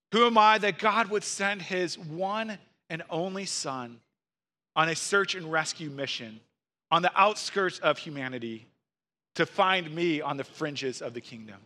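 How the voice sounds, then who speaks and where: Earnest guy preaching in church, high voice, piles up questions then goes soft. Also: unhurried. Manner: earnest, repetitive rhetorical questions, dropping soft then rising. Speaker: pastor. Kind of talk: sermon.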